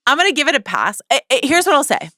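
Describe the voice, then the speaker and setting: Bright-voiced, wry woman podcaster. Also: sits high, sing-song, fast, no room sound. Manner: wry, dry jokes and playful critiques. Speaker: podcast co-host. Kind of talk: casual pop-culture podcast chat.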